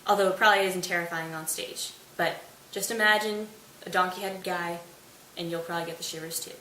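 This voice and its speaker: A woman's voice: lowish voice, steady tone, brisk, bright, forceful tone. A woman hosting a casual lesson, explaining a play's plot in a chatty way with playful asides. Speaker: host. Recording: roomy distant mic with hiss.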